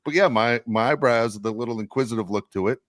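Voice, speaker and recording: A man co-hosting a casual sports podcast, telling rambling, animated stories. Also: mid-range voice, fast talker, no room sound, clean studio sound. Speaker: podcast co-host; youth baseball coach.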